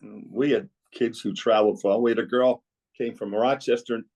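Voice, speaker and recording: A man's voice: mid-range voice, steady tone, moderate pace, creaky, darkish tone, breathy edge. A man, a former club basketball coach, telling rambling stories in a casual podcast conversation. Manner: rambling, reminiscing storyteller.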